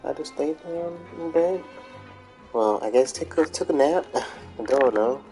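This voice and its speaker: A man's voice: a little high, expressive, unhurried, mellow, faint music behind, poor audio. A tired man giving casual, mumbling commentary while playing a game, with wry asides. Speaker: game streamer.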